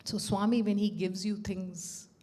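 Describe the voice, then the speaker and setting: A middle-aged woman sharing a personal devotional story, animated and laughing as she acts out the dialogue. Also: mid-range voice, a little slow. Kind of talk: personal testimony at a devotional gathering.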